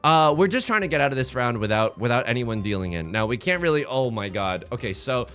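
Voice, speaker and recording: A man's voice: mid-range voice, very animated, a little fast, fairly bright tone, faint music behind. A young man from the United States giving casual, joking commentary while playing a game, rambling to himself and his viewers. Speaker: let's play host.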